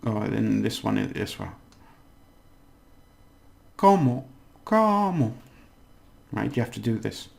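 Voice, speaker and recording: Male language tutor, patient and deliberate, gravelly, sounds out each syllable. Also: on the low side, level tone, darkish tone. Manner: patient, repeats words slowly syllable by syllable. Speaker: Spanish language teacher. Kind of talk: casual spoken language lesson.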